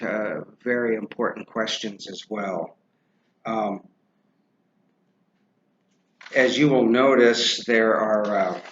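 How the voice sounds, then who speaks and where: A man giving a classroom lecture, halting with many ums and uhs and spelling names out loud. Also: medium pitch. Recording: roomy, dull lo-fi with faint noise.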